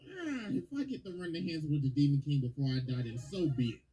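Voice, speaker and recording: A man's voice: on the high side, very animated, fast talker, dark tone, a little hiss or hum. A man voicing an arrogant, towering warrior who trash-talks in slang, cocky and dismissive.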